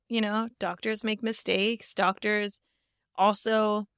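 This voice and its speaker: A woman's voice: mid-range voice, creaky, a bit bright, dry recording, clean studio sound. A woman hosting a podcast interview, affirming her guest and leading into the next question. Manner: affirming, encouraging. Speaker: podcast host. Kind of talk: casual interview.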